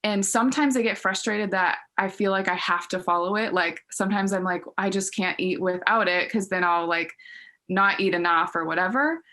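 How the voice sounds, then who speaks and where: A woman's voice: mid-range voice, normal speed, bright, forceful tone. A young adult woman, a podcast guest, talking earnestly in casual interview chat, full of "like" and "um". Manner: earnest, heavy use of "like" and "um".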